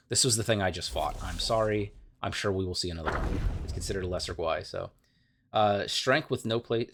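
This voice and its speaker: Man, let's play gamer, reading game lore, fairly low voice, stumbling, self-correcting. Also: gravelly, a bit bright, slight background noise. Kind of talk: reading game lore aloud with casual asides.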